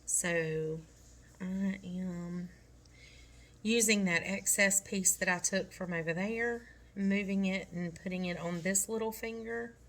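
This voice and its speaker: A woman's voice: medium pitch, slow, a bit bright. A middle-aged woman talking through a nail tutorial step by step, chatty and reassuring.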